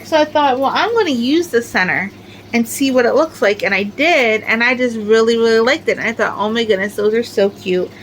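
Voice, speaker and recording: Brief: middle-aged woman, fairly high voice, rambling show-and-tell crafter, filler-heavy. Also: fairly quick, slight background noise, poor audio. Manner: chatty, rambling, many "like" fillers. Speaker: crochet crafter showing her amigurumi. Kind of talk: casual show-and-tell chat.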